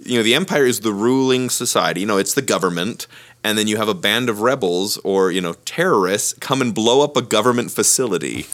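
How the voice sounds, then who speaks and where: A man's voice: on the low side, a little fast, a bit bright. A man chatting casually about a film as a panelist, filling his talk with "like" and "you know". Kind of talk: casual chat.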